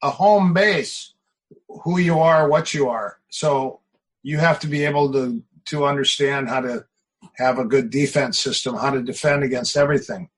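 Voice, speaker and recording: Middle-aged male coach, husky voice, lively storyteller who repeats himself for emphasis. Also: medium pitch, moderate pace, low-quality recording. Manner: animated, repeats phrases for emphasis, tells anecdotes. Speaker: martial arts coach. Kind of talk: casual interview talk.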